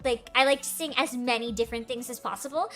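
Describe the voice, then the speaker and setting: Giggly bright-voiced young woman streamer. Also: a little high, fast. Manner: giggly, chatty, says "like" a lot. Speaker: streamer hosting a Q&A. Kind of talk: casual livestream chat. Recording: faint background music.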